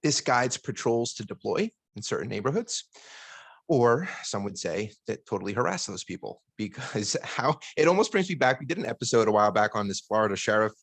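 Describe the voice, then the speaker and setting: A man's voice: mid-range voice, big pitch swings, fairly quick, gravelly, a bit bright, breathy edge, dry recording. A man co-hosting a podcast, reading prepared points and breaking into loose chat. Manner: reads prepared points, then chats loosely. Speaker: podcast co-host. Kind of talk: casual podcast discussion.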